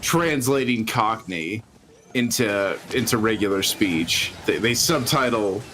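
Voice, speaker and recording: A man's voice: fairly low pitch, animated, slow pace, fairly bright tone, slight background noise. A man co-hosting a podcast in casual chat, rambling with frequent restarts and chuckles. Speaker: podcast co-host.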